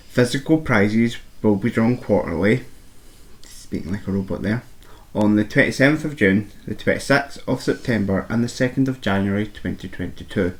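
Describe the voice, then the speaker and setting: A man co-hosting a podcast who reads the rules in a playful, teasing way. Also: lowish voice. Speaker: podcast co-host. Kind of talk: casual chat.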